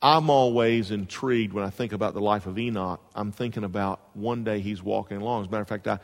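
A man's voice: fairly low pitch, fast talker, big-room sound. A man preaching a sermon to a congregation, rising into emphatic bursts and asking the room questions. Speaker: pastor. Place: church sanctuary.

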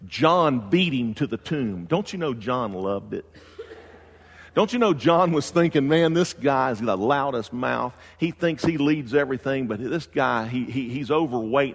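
A man preaching a sermon in a church, telling a story with lively excitement that drops to slow, hushed earnestness. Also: mid-range voice, husky, long reverb tail. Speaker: pastor.

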